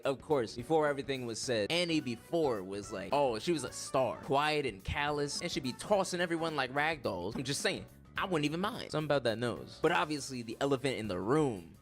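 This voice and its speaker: A young man giving casual, joking anime tier-list commentary, animated and laughing often. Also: medium pitch, fairly quick, hardly any pauses, soft background music.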